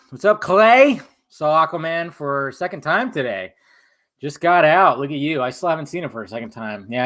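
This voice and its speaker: Young male stream host, casual and chatty, a little high-pitched, answers comments loosely. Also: a bit bright. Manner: laid-back, chatty, swears casually. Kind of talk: casual live-stream chat, reading viewer comments.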